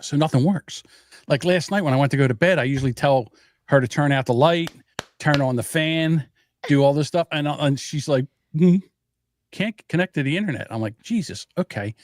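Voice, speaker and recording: A man's voice: on the high side, moderate pace, a little mellow, dry recording, clean studio sound. Chatty middle-aged man telling a rambling story. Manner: rambling storyteller who acts out other voices. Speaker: podcast host. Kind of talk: casual chat. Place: home studio.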